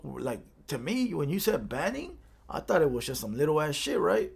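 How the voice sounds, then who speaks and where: A man's voice: a little high, sing-song, moderate pace, creaky, slightly rough. A man from Los County, telling a street story in a casual, profane way and often checking in with "right?". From Los Angeles County.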